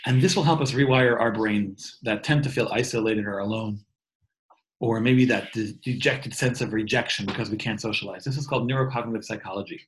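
A man's voice: lowish voice, fairly quick, rough recording. Man, 30s, earnest informal teacher; restarts phrases, video-call sound. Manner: earnest, repeats and restarts words. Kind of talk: informal talk on faith and wellbeing.

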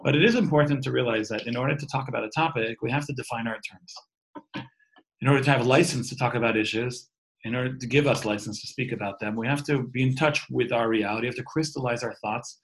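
A man around forty teaches a call-in class in an easygoing, conversational way. His voice sits at an ordinary middle pitch. He thinks aloud, restarts his sentences and drifts into personal stories. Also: fast, creaky, fairly bright tone, rough recording. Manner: explains terms letter by letter, storytelling asides. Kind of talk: informal spiritual lecture.

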